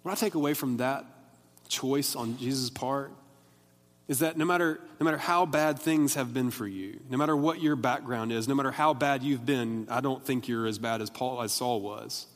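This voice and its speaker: A man's voice: medium pitch, normal speed. A young man preaching a casual, conversational sermon in a church, often restarting his sentences and acting out the voices of the people in his stories. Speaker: pastor. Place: church worship hall. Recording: long hall reverb.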